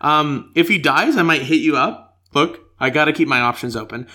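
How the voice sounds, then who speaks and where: A woman's voice: deep voice, normal speed, pushed and bright. A woman hosting a casual podcast, bantering and laughing at herself. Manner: giggly, self-deprecating banter. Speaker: podcast host.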